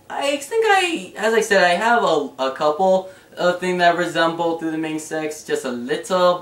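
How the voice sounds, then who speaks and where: Young male vlogger, excitable and rambling, a bit high-pitched, distant mic with an echoey room. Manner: rambling, excitable, lots of fillers and restarts. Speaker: YouTuber answering fan questions. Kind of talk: casual vlog chat. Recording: roomy sound, away from the mic.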